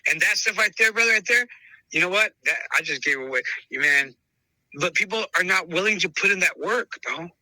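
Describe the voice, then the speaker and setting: Emphatic man with a sharp, forceful voice. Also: high-pitched, expressive, fairly quick, no room sound, low-quality recording. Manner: emphatic, repeats himself, calls listener brother. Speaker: podcast host interviewed as dog trainer. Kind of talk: casual interview.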